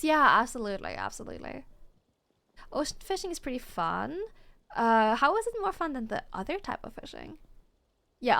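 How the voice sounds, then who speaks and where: A woman's voice: high-pitched, vocal fry, fairly bright tone. A woman streamer chatting casually while gaming and answering viewer chat, swearing and laughing easily, with hiccups. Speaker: VTuber streamer.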